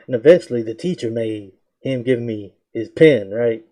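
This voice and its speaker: A young man casually telling a story about his school days, slangy and animated, jumping into a higher voice to act out what people said. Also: normal speed. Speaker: reaction video host.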